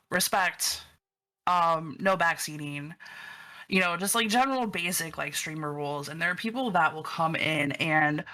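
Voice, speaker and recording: A streamer guest on a casual podcast, rambling through stories full of fillers, swear words and acted-out quotes. The voice has a sharp, forceful edge at a middle pitch, with faint music in the background. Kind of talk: casual chat.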